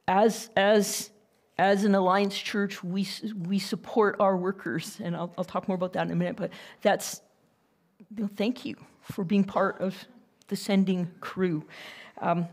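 A woman missionary telling a story to her church in a lively, conversational way. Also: mid-range voice.

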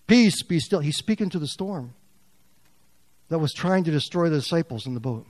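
A man preaching a sermon as pastor, swinging from loud, raised passages to quiet, near-whispered lines. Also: fairly high pitch, normal speed, no echo.

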